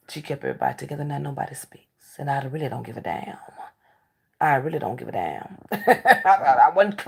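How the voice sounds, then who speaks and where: A woman talk show host telling stories in casual chat, blunt and candid, swinging between animated outbursts and hushed asides. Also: on the high side, gravelly, husky.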